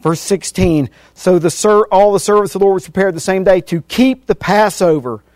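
Delivering a sermon, this man works through scripture one verse at a time, hammering phrases through repetition. His voice sits high at a moderate pace, rising to loud peaks and dropping to quiet endings, with no room sound.

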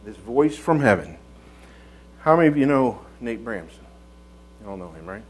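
A man's voice: mid-range voice, sing-song, moderate pace, breathy edge, poor audio. A man preaching a conversational sermon in a church, folksy, often repeating words and asking rhetorical tag questions.

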